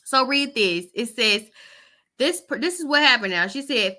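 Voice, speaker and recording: A woman's voice: mid-range voice, moderate pace, sharp tone. A woman podcast host, reading posts aloud and giving blunt, sarcastic gossip commentary in a casual way.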